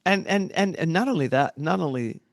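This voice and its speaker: A middle-aged man co-hosting a podcast in casual chat, animated, swearing freely and acting out quotes. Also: a little high, a little fast, vocal fry, no room sound, studio quality. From United States. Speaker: podcast co-host.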